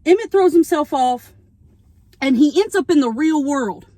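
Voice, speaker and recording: High-voiced woman rambling a plot recap. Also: normal speed, no echo. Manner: rambling, animated, acts out quotes. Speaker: vlogger. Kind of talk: casual mukbang plot recap. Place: in a parked car. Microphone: phone camera.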